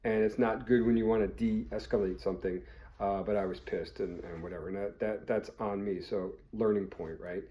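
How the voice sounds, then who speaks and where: A man's voice: on the low side, steady tone, normal speed, mellow. A man who runs a firearms training channel, telling a story in a blunt, conversational way and swearing freely. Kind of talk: casual vlog storytelling.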